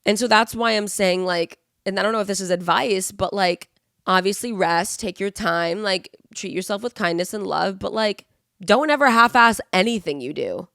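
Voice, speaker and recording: A woman's voice: medium pitch, normal speed, gravelly, a bit bright, no room sound, clean studio sound. A woman in her twenties, sick with the flu, hosting a solo podcast and giving earnest, rambling motivational advice full of fillers. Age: 20s. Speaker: podcast host. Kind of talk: casual solo podcast monologue.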